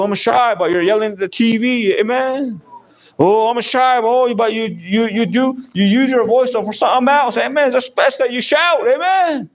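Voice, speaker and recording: A man preaching a sermon, animated, punctuating his points with repeated calls of "amen". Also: very high voice.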